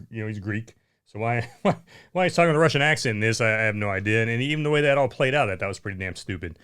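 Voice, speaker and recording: A man's voice: on the low side, fairly bright tone, smooth. A man co-hosting a casual chat, blunt and exasperated, often repeating himself and saying "man". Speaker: podcast co-host.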